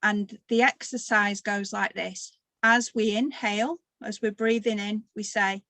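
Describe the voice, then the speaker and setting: A woman guides a breathing meditation in a slow, unhurried voice. She speaks gently and leaves long pauses, sounding a little tired. The sound is dry and close, with no room echo. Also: medium pitch, steady tone. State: tired, occasional coughing. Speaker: workshop leader.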